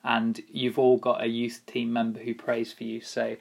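A man's voice: medium pitch, monotone, moderate pace, gravelly. A man leading a youth group session, chatting casually and joking about himself. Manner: jokey, self-deprecating, chatty. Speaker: youth leader. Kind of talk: casual chat.

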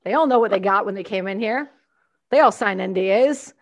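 A woman from Canada chatting casually as a podcast host, telling animated stories, swearing and laughing often. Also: mid-range voice, brisk. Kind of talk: casual chat.

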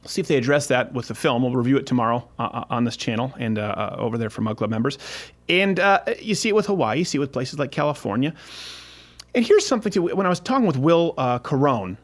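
Sarcastic man with a lively voice. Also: mid-range voice, fast talker. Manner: sarcastic, rambling with frequent restarts. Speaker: podcast host. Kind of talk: casual political talk show chat.

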